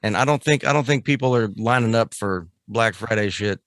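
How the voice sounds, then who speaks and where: A man's voice: mid-range voice, a little fast, fairly bright tone, dry recording, studio quality. A man co-hosting a podcast news quiz in casual chat, swearing freely and laughing often as he teases his co-host.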